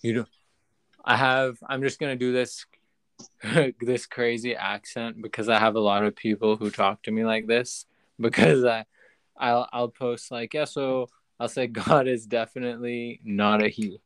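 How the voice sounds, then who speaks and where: Guy hosting a podcast, goofy and animated, keeps restarting, dead dry close mic, middle pitch. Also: measured pace, smooth, no echo. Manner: animated and joking, many restarts. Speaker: podcast host. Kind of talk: casual chat.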